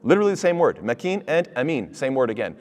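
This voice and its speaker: A man giving an animated Quran commentary lesson, asking rhetorical questions and reciting Arabic verses in a quick chant. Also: mid-range voice, in a large hall. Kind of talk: tafsir lesson. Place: mosque hall.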